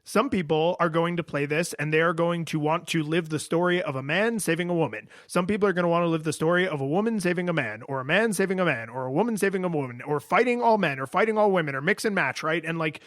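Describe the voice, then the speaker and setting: A man co-hosting a podcast in casual chat, animated, laughing often and restarting his sentences. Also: a little high, quick pace, few pauses, no room sound, clean studio sound. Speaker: podcast co-host.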